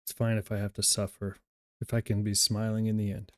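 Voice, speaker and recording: A man reading as a soft-spoken grieving young man. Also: on the low side, completely flat delivery, a little fast, dry recording, clean studio sound. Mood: tender.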